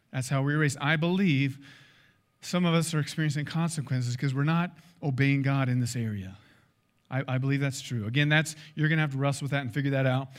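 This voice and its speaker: A man in his fifties preaching as a pastor, his voice sitting a touch high for a man. He talks in an emphatic, lively way, swinging between loud pushes and quiet asides, and acts out little bits of dialogue. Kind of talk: sermon.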